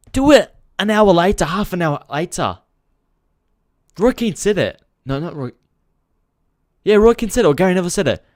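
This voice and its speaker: A man hosting a football live stream, complaining to his viewers and swearing freely as he rants. His pitch swings widely, rising and falling with each complaint. The sound is close and dry, with no room echo. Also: a little mellow. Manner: frustrated, talks to viewers directly. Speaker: football channel host. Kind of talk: casual live-stream chat.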